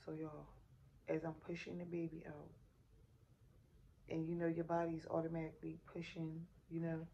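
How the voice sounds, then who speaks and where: Woman, 30s, AAVE, family vlogger. Exhausted, animated storyteller, low dark voice, light room noise. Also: normal speed, creaky, pauses often, lo-fi sound. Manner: animated retelling, acts out quotes, addresses viewers as y'all. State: exhausted and sore after giving birth. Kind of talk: casual storytelling vlog. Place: hospital room.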